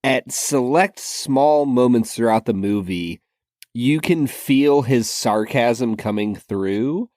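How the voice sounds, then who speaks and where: A man co-hosting a casual film review podcast, relaxed, with drawn-out phrasing and some hesitant restarts. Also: mid-range voice, no room sound, clean studio sound. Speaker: podcast co-host.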